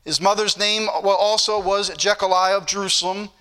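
High bright-voiced preacher man. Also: steady tone, normal speed, clear, resonant tone. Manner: preachy, repetitive emphasis. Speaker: pastor. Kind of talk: sermon.

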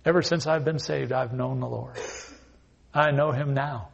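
A man preaching a sermon, quoting scripture and swinging from quiet earnest asides to loud, raised emphasis, often repeating his phrases. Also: mid-range voice, fairly even intonation, moderate pace, vocal fry, highs cut off, slight background noise.

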